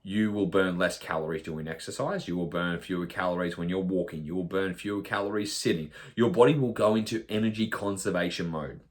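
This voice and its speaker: A man, a nutrition coach, talking bluntly in a podcast monologue, swearing often and mimicking clients in quick asides. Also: sits low.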